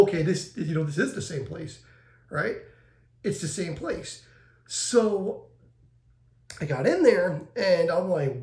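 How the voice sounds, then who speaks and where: A man's voice: fairly high pitch, echoey room. A man giving a rambling spoken review of a video game, often restarting and repeating himself.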